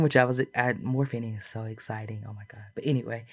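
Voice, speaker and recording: A woman's voice: fast, lo-fi sound. A woman guest on a podcast telling a personal story in a frank, chatty way, acting out what others said with big leaps in her voice. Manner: animated, acts out quoted voices with big jumps in pitch; frank and chatty, with frequent fillers.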